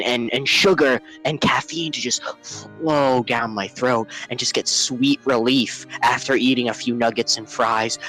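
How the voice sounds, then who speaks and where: A man telling a comic story, profane and exaggerated, swinging from hushed murmurs to shouted rants. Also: mid-range voice, poor audio. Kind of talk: comedic storytelling.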